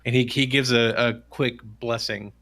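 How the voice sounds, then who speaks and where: Gravelly-voiced male game master. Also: mid-range voice, fairly even intonation, pushed and bright, no echo. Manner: halting, restarts phrases. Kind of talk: narrating a tabletop game.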